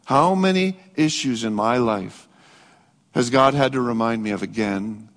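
A man preaching a sermon as pastor, earnest, rising to emphatic peaks and dropping to soft reflective passages. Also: mid-range voice, measured pace. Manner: earnest, swings between raised emphatic and soft reflective delivery. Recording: long hall reverb.

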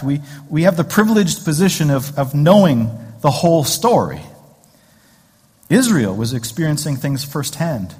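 A man's voice: a little high, a little mellow, breathy edge. A man pastor giving a conversational sermon in a church sanctuary, with joking asides and rhetorical questions, heard with long hall reverb.

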